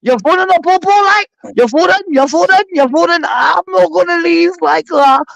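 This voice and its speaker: Up in a shrill, gravelly register and swinging wildly in pitch, this is a slurring drunk bellowing in the street, as a man mimics him. It sits close and dry on the mic. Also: normal speed, a bit bright, no echo, highs cut off, full character voice. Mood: drunken ranting.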